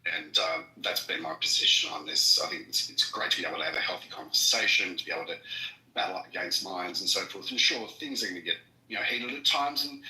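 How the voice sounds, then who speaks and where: A man speaking in a casual chat, halting with lots of ums and restarts. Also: sits low, sharp tone, roomy sound, poor audio.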